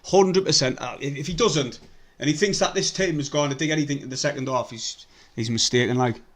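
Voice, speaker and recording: A man's voice: medium pitch, a little fast. Young man, fan stream host, blunt and sweary, mutters then erupts. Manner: blunt and sweary, mutters and sighs between excited bursts. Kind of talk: casual live match commentary.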